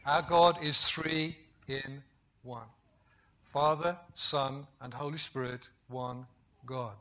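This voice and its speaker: A man's voice: mid-range voice, steady tone, slow pace, a bit bright. A middle-aged man from the West Midlands of England, preaching a sermon with emphasis, repeating key phrases and asking the congregation questions.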